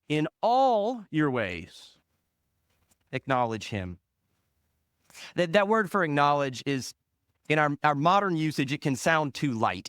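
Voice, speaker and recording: Man preaching with slow emphatic stress. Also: clean tone, no echo, clean studio sound. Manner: drops soft and low at phrase ends. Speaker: pastor. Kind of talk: sermon.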